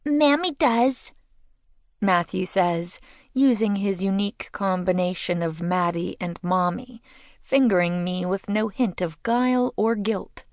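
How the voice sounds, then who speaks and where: Low-voiced woman narrating an audiobook. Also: steady tone, unhurried, no room sound, studio quality. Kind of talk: scripted first-person narration.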